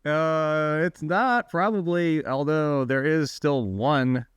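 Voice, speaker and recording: A man hosting a fantasy football podcast in a casual, chatty way, throwing quick questions and asides to his co-host. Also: on the high side, clean tone, no echo.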